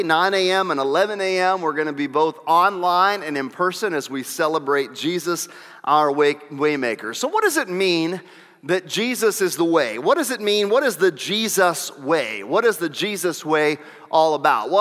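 A man's voice: high-pitched, big pitch swings, moderate pace, sharp tone. A pastor preaching a sermon, a man who presses his points with repeated phrases and rhetorical questions. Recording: long reverb of a large hall.

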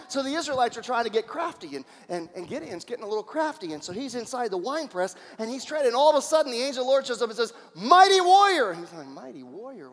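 Pastor guy preaching, really high voice, energetic, loud then soft, long echo off the hall. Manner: energetic, rhetorical questions, swings between loud and soft. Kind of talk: sermon.

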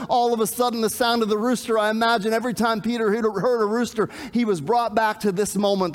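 A man preaching a sermon, animated, asking the congregation questions and acting out scenes. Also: high-pitched, big-room sound. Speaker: pastor.

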